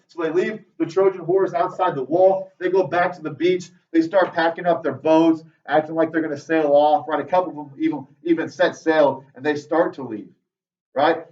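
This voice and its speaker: Brief: male English teacher, a bit high-voiced, lecturing a class and peppering every line with "right?", heard from across a roomy classroom. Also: normal speed. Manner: tags most sentences with "right?"; lively, talks straight to students. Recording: roomy, dull classroom audio from far off.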